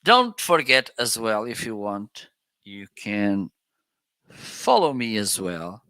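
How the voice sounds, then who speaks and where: A man's voice: fairly low pitch, sing-song, slow pace, sharp tone, no echo. A man hosting a casual live-stream product demo, chatting and testing microphones aloud with counts and laughs. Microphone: swapping between studio microphones.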